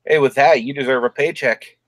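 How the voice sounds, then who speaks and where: A man's voice: mid-range voice, fairly even intonation, fairly quick, a bit bright. A man joining a casual live stream as a guest, friendly and polite.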